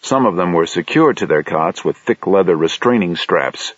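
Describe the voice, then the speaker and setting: A man reading a science fiction audiobook in steady, measured narration. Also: sits low, no echo. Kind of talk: scripted narration. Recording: dull lo-fi dry audiobook recording.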